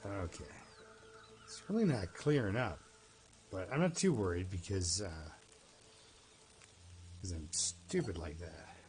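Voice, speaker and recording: A man's voice: low-pitched, lively intonation, a little slow, pauses often, a little mellow, slight background noise. A man with a Canadian accent giving chatty, rambling gameplay commentary as a streamer, talking to his chat and to himself.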